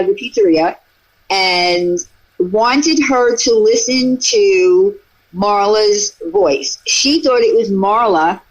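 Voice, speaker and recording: A woman's voice: mid-range voice, highs cut off. A woman co-host telling a rambling, self-defensive story in a casual chat, with plenty of swearing.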